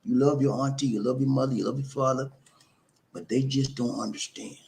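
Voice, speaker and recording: A man's voice: medium pitch, steady tone, a little fast, gravelly, darkish tone. A middle-aged man hosting a live advice talk, preachy and repetitive, calling viewers his friends. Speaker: host of a relationship channel.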